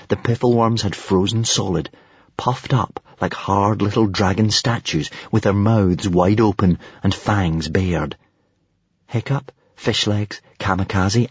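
A man reading a children's adventure book aloud in an expressive way, talking directly to the reader. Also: fairly low pitch, husky, no echo. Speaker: audiobook narrator. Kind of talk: scripted storybook narration. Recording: dry, slightly dull recording.

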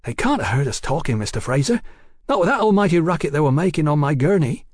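A man voicing a hot-tempered nineteen-year-old lad with a thin, high voice. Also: sing-song, quick pace, no room sound, studio quality. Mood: giddy.

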